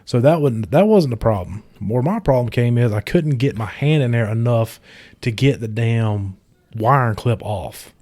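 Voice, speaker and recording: A man's voice: medium pitch, expressive, normal speed, warm tone. A man telling a profane, swear-heavy story in casual podcast chat. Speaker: podcast guest.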